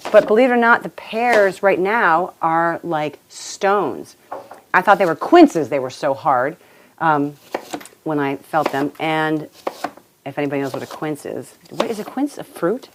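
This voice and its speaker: With a fairly low voice and a little hiss or hum on the audio, a woman presents a relaxed cooking demonstration in her home kitchen. She chats, jokes and laughs frequently while working through the recipe.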